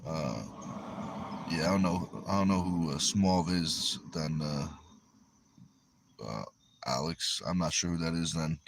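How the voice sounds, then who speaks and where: A man's voice: very deep voice, a little slow, creaky, pauses often, a little hiss or hum. A man from Connecticut with a New England accent, hosting a livestream and reading viewer comments aloud in an easygoing, rambling way. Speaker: arm wrestler and livestream host.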